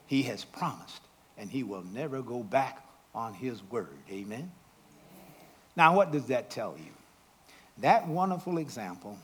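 A man preaching a sermon, calling out questions to the congregation and swinging from loud, exclaiming passages to hushed asides. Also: medium pitch, breathy edge.

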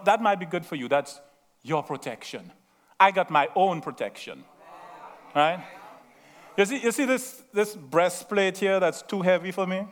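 A preacher acting out a bold young shepherd hero. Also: male voice, high voice. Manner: emphatic, repeating lines for effect.

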